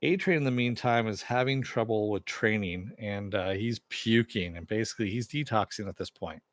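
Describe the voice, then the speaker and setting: A man's voice: fairly low pitch, normal speed, dry recording. A man reviewing a TV episode, retelling the plot in a loose, rambling way with plenty of fillers. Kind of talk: casual spoken recap.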